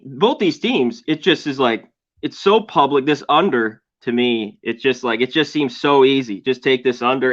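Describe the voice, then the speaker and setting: A man's voice: mid-range voice, a bit bright, highs cut off. A man talking through his sports bets in a loose, rambling, casual way. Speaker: sports betting handicapper. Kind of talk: casual sports betting chat.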